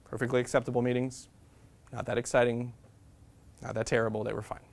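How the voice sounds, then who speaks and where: Fast, animated male storyteller. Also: medium pitch, vocal fry. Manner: animated, laughing, chatty. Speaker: guest speaker. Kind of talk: humorous personal storytelling.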